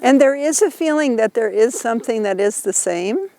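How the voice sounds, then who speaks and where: A woman's voice: a little high, animated, moderate pace, warm tone, dry recording. A woman teaching a group outdoors, explaining ideas patiently and laughing often as she talks. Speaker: Buddhist teacher leading a tour. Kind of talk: informal teaching while walking.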